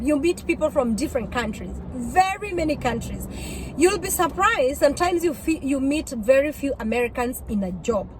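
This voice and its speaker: A woman from Africa talks to her viewers from behind the wheel in a high, lively voice. She tells her stories with animated energy and breaks into laughter often. A faint hum of the car and the road sits under her voice. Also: poor audio. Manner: animated, chatty storytelling with frequent laughs. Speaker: vlogger. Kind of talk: casual chat while driving. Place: inside a car, driving. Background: faint road and car noise.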